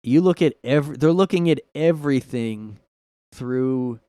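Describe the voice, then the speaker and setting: A man's voice: mid-range voice, moderate pace, dark tone, smooth, dry recording, clean studio sound. A man hosting a casual solo commentary podcast from his room, talking in a sarcastic, mocking way and laughing at his own jokes. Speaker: podcast host. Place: home room.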